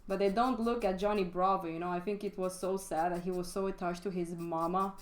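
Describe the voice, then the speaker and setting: A woman's voice: lowish voice, fairly even intonation, fairly quick, slight background noise. A woman giving a casual, chatty charcoal drawing lesson while live-streaming, frank and swearing now and then. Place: home studio, live stream.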